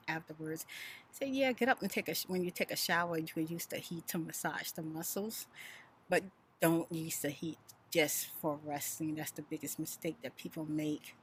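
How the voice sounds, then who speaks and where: A woman telling a story in a soft-spoken, chatty, animated way. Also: low-pitched, a little hiss or hum. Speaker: ASMR vlogger. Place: home in Houston.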